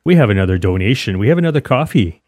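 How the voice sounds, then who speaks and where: A man co-hosting a casual podcast, easygoing and halting, often repeating his words. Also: fairly low pitch, big pitch swings, a little mellow. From Canada. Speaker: podcast co-host.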